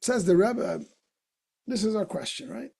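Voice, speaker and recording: A man's voice: high voice, a little slow, creaky, mellow. A man teaching a Torah lesson as a rabbi, explaining a passage with questions and repeated points for emphasis. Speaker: rabbi teaching a text class.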